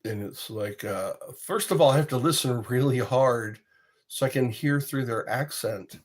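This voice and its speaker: A man's voice: mid-range voice, normal speed, slightly rough. A man telling rambling, casual stories in a vlog, often chuckling and breaking off mid-sentence. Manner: rambling, chuckling, self-interrupting. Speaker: vlogger. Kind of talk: casual storytelling monologue.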